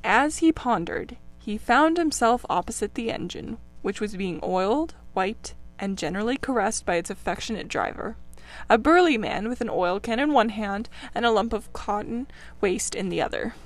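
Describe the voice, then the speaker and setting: A woman narrating a classic children's novel in an expressive, dramatic reading. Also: medium pitch, moderate pace, soft background music. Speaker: audiobook narrator. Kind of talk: storybook narration.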